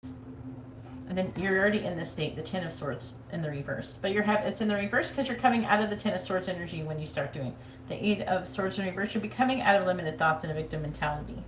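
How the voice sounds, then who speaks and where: A fast-talking psychic with a lowish voice does a live-streamed tarot reading, bluntly swearing and parroting nagging voices. The echoey room has faint ambience and slight background noise.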